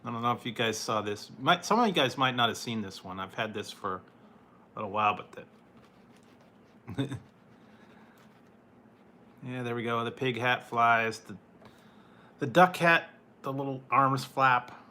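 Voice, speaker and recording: Man, livestream host, unhurried delivery, bright clear tone, laughs a lot, greets chat. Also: medium pitch, slight background noise. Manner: chatty, laughs often, greets viewers by name. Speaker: livestream food reviewer. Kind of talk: casual live chat with viewers.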